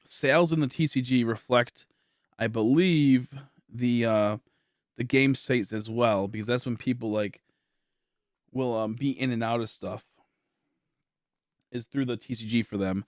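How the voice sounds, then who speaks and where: A man's voice: mid-range voice, steady tone, a little slow, long pauses, dry recording, studio quality. A tired young man from Michigan chatting casually on a livestream, rambling with lots of fillers and restarts. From Michigan, USA. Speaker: livestream host.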